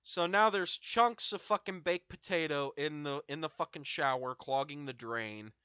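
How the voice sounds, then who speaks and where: A young man hosting a stream smokes while telling chat a long, profanity-laced story, rambling and full of filler. His slightly high voice is bright, forceful, clear and resonant at a normal speed, recorded with no room sound and the highs cut off.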